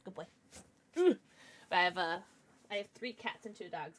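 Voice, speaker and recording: A woman livestreaming a game from home, chatting excitedly with her viewers and cooing at her pets. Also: fairly low pitch, moderate pace. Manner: bubbly and excitable, greets chat; talks baby talk to her pets. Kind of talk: casual livestream chat while gaming.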